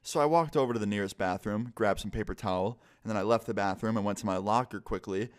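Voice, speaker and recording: A young man vlogger telling a casual, profane high school story time, full of "like". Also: fast.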